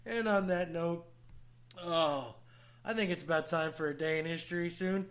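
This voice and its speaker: Joking guy with a high voice riffing on a podcast, teasing and cussing a lot. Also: normal speed, a bit bright. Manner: joking, teasing, swears often. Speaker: podcast co-host. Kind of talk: casual banter.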